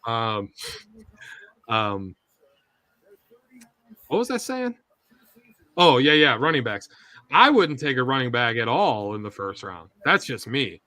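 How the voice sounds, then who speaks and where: Slow and prone to pausing, this man has a medium-pitched, bright, forceful voice with big pitch swings and no room sound. Co-hosting a live sports stream, he chats in a loose, wandering style while monitoring a TV feed on a headset or earpiece.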